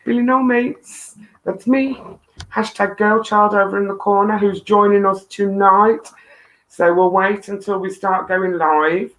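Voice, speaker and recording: A woman's voice: mid-range voice, steady tone, measured pace, rough recording. A woman hosting a live-stream chat show, affectionate and teasing with her viewers. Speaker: host. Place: home studio.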